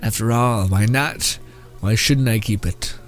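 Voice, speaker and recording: A man's voice: on the low side, a little slow, soft background music. Laughing, rambling young man. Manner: laughs often, rambling and profane. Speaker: streamer reacting to memes. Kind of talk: casual reaction commentary.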